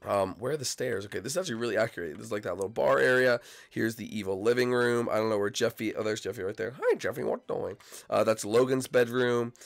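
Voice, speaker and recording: A sick man with a gravelly, creaky voice talks through a video game. He is excitable and rambling, and his voice sounds worn down by his cold. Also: on the low side, fast, soft background music. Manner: excitable, rambling, shouts out to friends. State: sick, coughing. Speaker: YouTube gaming host. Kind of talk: Minecraft gameplay commentary.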